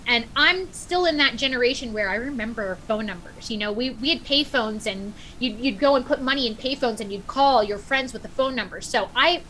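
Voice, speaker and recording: Woman guest, middle-aged, lively storyteller, bright higher voice, faint background hiss. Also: low-quality recording. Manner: animated storyteller, acts out quotes. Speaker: podcast guest. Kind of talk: casual storytelling.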